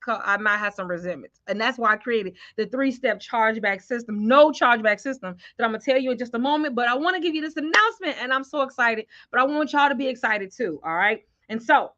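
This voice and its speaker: A middle-aged woman, giving an animated, slangy live sales training and talking straight to her viewers. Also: fairly high pitch, quick pace, hardly any pauses, lo-fi sound.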